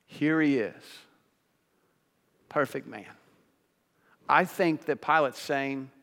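Preaching man in a reverberant hall. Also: a little slow. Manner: dramatic, swinging from hushed lows to loud high peaks. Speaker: pastor. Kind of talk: sermon.

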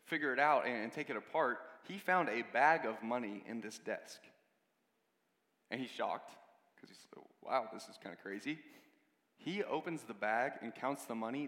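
A man's voice: mid-range voice, pushed and bright. A man giving a conversational sermon, speaking to a congregation with casual asides and repeated words. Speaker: preacher. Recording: long hall reverb.

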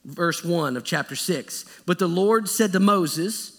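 Animated male preacher in a reverberant hall. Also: high-pitched, measured pace. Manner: conversational, animated preaching with acted-out quotes. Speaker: pastor. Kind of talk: sermon. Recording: echoey church hall.

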